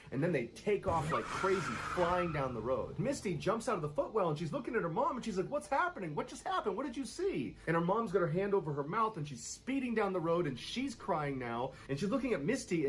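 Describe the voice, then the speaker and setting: A man narrating a true-crime style scary story in a steady, suspenseful storytelling manner. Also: a little high, a little hiss or hum, poor audio.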